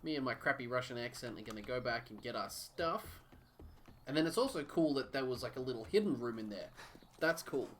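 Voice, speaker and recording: A man's voice: medium pitch, animated, brisk, slight background noise. A man casually narrating his live gameplay, muttering to himself, swearing and chatting to viewers. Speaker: game streamer.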